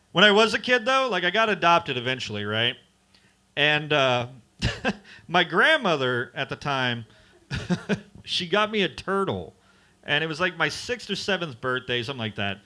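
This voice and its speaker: A man's voice: on the high side, bright, forceful tone. A man doing a rambling, profane open-mic stand-up set, telling stories with frequent laughs. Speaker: stand-up comic. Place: bar stage at an open mic night.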